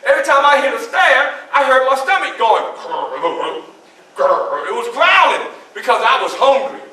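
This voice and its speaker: Actor as Frederick Douglass telling his story live to an audience; bright, sharp delivery in a roomy hall. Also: high voice, full character voice. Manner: dramatic, addresses the audience directly. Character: Frederick Douglass, man recounting his enslavement. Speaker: living-history performer. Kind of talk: one-man historical storytelling performance. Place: library event room. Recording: echoey room from far off.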